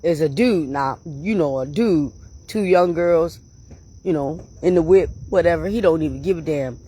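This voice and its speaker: A woman hosting her own channel, telling stories to her viewers in a casual, animated way, laughing often and calling them y'all. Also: sits low, normal speed, breathy edge. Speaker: channel host.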